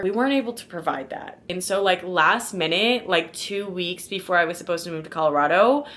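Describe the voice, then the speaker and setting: A woman's voice: medium pitch, a bit bright. A woman in her twenties from Missouri, chatting casually to camera as a vlogger, full of "like" and calling her viewers "guys" and "y'all". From St. Louis, Missouri. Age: 20s.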